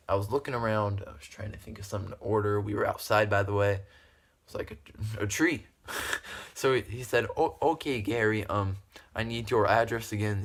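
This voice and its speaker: A man's voice: fairly low pitch, a bit bright. A young man vlogger casually telling a story, rambling with fillers and bursts of laughter.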